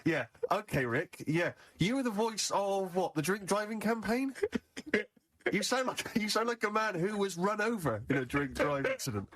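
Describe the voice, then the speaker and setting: A man's voice: high voice, lively intonation, fairly bright tone. A man co-hosting a comic radio show in a studio, making dry, sarcastic jabs. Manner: dry, sarcastic, quick-witted. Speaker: radio co-host. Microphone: studio microphone.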